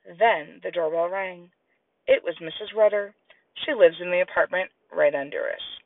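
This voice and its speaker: Man, children's audiobook narration, gravelly, lively pitch, tinny dry recording. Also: moderate pace, no room sound, recorded from a distance. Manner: lively, plays children's voices in high squeals. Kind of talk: storybook narration with voiced characters. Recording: tinny, lo-fi, radio-like sound.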